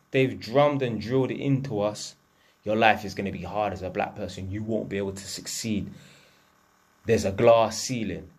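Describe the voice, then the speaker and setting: A man's voice: medium pitch, a little mellow, husky. A man, delivering a blunt, profane, lecturing rant to camera as a vlogger. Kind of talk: unscripted ranting monologue.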